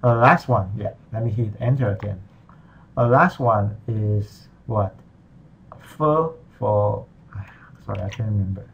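A man's voice: fairly low pitch, a little slow, gravelly, lo-fi sound, a little hiss or hum. A man teaching Mandarin in a patient, step-by-step tutorial, walking through the screen in simple, non-native English. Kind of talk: screen-recorded tutorial lesson.

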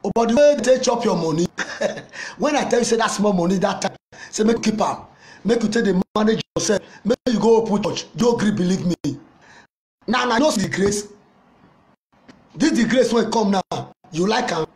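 A man with a Nigerian accent playing a loud, mocking older Nigerian mama in a comedy skit, scolding and teasing someone. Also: sits high, expressive, normal speed. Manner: taunting, scolding, laughing at the listener.

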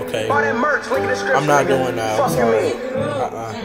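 A young man casually reacting to a music video, talking in slang, swinging between loud exclaims and low mutters, laughing often. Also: wildly swooping pitch, slow pace, creaky. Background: faint music from the video being watched.

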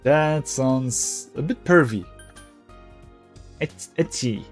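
A man records a let's play, musing aloud and reading the game's lines in an easygoing, halting manner. His voice sits at an ordinary middle pitch. Soft game music plays faintly underneath. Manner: muses aloud, reads game text in a relaxed, halting way. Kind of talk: casual game commentary, reading dialogue aloud.

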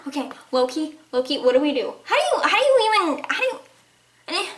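A woman's voice: high voice, big pitch swings, a little fast, echoey room. A woman voicing an anxious, forgetful horse in a toy horse drama, rambling and laughing nervously. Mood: pleading.

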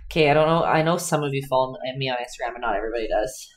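A woman's voice: very deep voice, racing. A young woman hosting a live painting lesson, chatting casually with viewers in the chat as she works. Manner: chatty, talks to chat viewers while teaching. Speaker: painting instructor and livestream host.

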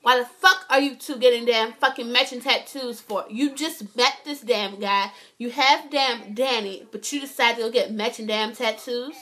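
Bright high-voiced young woman vlogger. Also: moderate pace, few pauses. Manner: animated, profane, keeps asking "right?". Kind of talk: casual TV recap vlog.

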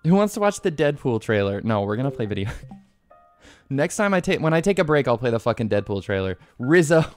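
A man's voice: medium pitch, very animated, fairly quick, a little mellow, soft background music. A man streaming a video game live, rambling casually, swearing often and laughing easily.

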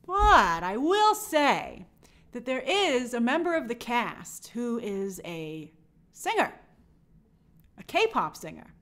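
A woman's voice: on the high side, sing-song, slow pace, a bit bright. A young woman hosting a movie live stream, chatting upbeat and reading out viewer comments.

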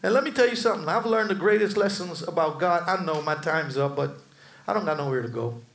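A middle-aged American man preaching a sermon, swinging from shouted peaks to soft, low asides, with casual slang and humor. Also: a little fast, reverberant, slight background noise. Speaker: pastor.

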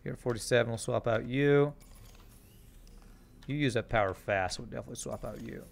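A man streaming a game, thinking out loud and chatting to his viewers in a casual way. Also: medium pitch, a little fast, gravelly. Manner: thinks aloud, chats to viewers. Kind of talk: casual live-stream gameplay commentary.

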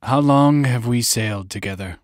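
A man's voice: medium pitch, normal speed, heavy background noise, natural voice. A man playing a stern haunted sea captain. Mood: grave. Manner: stern, commanding, old-fashioned seafaring speech. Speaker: ship captain. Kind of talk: audio drama acting.

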